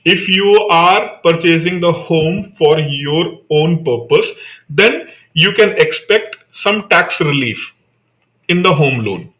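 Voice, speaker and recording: A man's voice: a little high, animated, slow, fairly bright tone. A man teaching an online exam-prep class, repeating key phrases and asking rhetorical questions he then answers. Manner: addresses students by name. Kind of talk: live online lecture.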